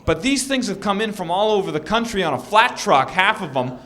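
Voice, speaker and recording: A man performing a stand-up comedy set, telling animated stories and acting out shouting characters. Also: sits high, a little fast.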